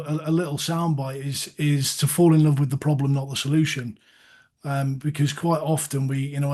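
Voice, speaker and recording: A man's voice: on the high side, darkish tone. A man talking as a guest panelist in a webinar discussion, often repeating words as he gathers his thoughts. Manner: halting, repeats words while thinking.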